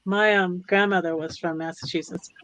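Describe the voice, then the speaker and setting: A woman's voice: on the low side, steady tone, moderate pace, a bit bright, dry recording. A middle-aged woman from California hosting a live stream, chatting casually, laughing often and trailing off with ums. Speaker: poetry stream host.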